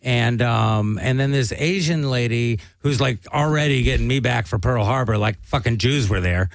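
A man's voice: medium pitch, moderate pace, no echo, low-quality recording. A man telling a long, profane story on a casual talk show and acting out the voices of the people in it. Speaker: guest comedian.

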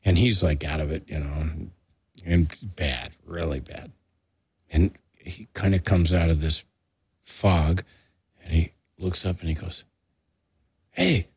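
An older man, a musician guest, telling stories in a casual interview, animated and repeating himself with frequent laughs. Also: deep voice, measured pace, pauses often, slightly rough, no echo.

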